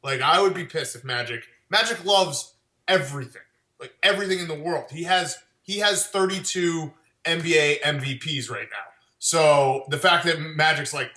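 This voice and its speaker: A man's voice: a little high, moderate pace, pushed and bright, roomy sound. A man co-hosting a podcast, riffing on the news in loose, profane, jokey banter. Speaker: podcast co-host.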